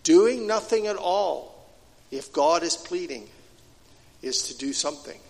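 A man with a high voice preaching a sermon in a large hall or sanctuary. He sinks to quiet, low asides and then climbs to loud, emphatic points. His voice rings with a long reverb that trails after each phrase. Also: animated, measured pace. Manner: swings between hushed, low asides and loud, emphatic declarations.

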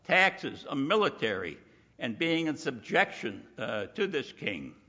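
A man preaching a sermon in a folksy, animated way, acting out the voices he quotes. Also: medium pitch, unhurried, husky. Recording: dull lo-fi recording with long hall reverb.

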